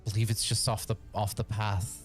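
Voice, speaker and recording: A man voicing a gaunt, sickly, cursed and grieving man in a tabletop game, in halting, broken, pleading speech. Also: fairly low pitch, little pitch movement, faint music behind, natural voice. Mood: haunted.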